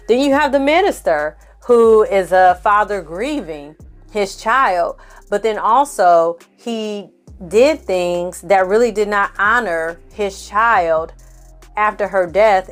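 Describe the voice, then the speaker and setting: A woman recapping a TV series in a casual, opinionated and slangy way. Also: lowish voice. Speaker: film and TV recap reviewer. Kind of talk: casual review chat.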